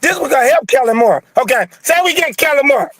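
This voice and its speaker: A man with a very high-pitched voice rants in a heated, slangy rush, sounding fed up and fired up. The sound is dry and close, with no room around it. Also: lively intonation, fast talker, fairly bright tone, dry recording. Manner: fired-up, angry, repetitive, slangy. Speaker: caller ranting about football. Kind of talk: heated sports call-in rant.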